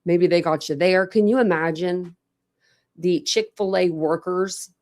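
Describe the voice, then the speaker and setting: A young woman from Ohio, wearing a retainer, hosts a true crime livestream and greets her viewers in loose, chatty talk sprinkled with "like." Her voice is on the low side with a darkish tone. Her intonation stays fairly even and her pace a little slow.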